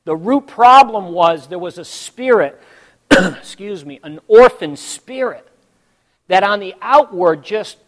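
Guy preaching a sermon, pretty high voice for a man, goes from whispery quiet to loud, tells it like a story. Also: expressive, slow, big-room sound. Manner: dramatic storytelling, swinging from hushed to loud; addresses the congregation directly.

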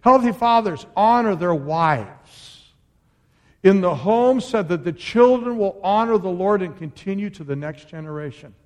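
High-voiced preaching pastor, loud then soft. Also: male voice, animated, measured pace. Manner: swings from loud exhortation to soft, intimate asides. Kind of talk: sermon.

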